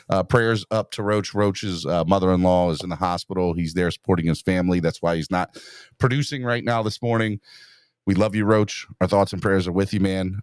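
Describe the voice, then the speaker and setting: A man's voice: low voice, no echo, clean studio sound. A man hosting a live sports podcast, upbeat and greeting viewers in the chat by name. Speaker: podcast host. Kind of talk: casual live-stream chat.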